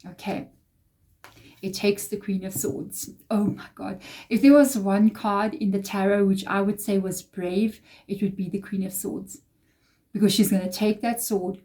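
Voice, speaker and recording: A woman tarot reader talks straight to her audience in a warm, mellow voice. She sounds earnest and reassuring, and she leans on repetition to drive her points home. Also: mid-range voice, fairly even intonation, normal speed. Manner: earnest, reassuring, repeats phrases for emphasis. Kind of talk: tarot reading addressed to viewers.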